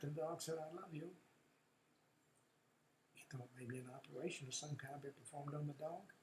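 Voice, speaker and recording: A man hosting a radio show, reading strange animal stories aloud, often halting with uh's and restarts. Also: fairly high pitch, reverberant, a little hiss or hum, low-quality recording.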